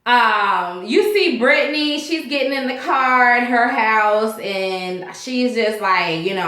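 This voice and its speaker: A woman's voice: mid-range voice, measured pace, hardly any pauses, sharp tone, echoey room. A woman vlogger giving a casual, sassy and candid recap of a reality show episode, talking straight to her viewers.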